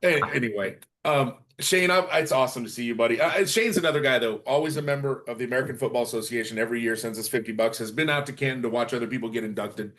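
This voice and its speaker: A man hosting a casual conversation, relaxed and loose, swearing offhandedly. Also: medium pitch, fast talker, hardly any pauses. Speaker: host. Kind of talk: casual chat.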